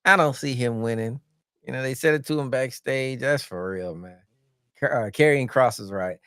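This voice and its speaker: A man hosting a casual wrestling podcast, laid-back, giving shout-outs and moving through segments. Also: medium pitch, moderate pace, smooth, no room sound, clean studio sound. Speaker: podcast host.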